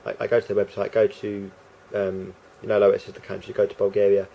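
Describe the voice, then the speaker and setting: A man's voice: fairly low pitch, completely flat delivery, quick pace, creaky, lo-fi sound, a little hiss or hum. A man rambling through a casual vlog monologue, hesitant and full of restarts and fillers. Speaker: vlogger.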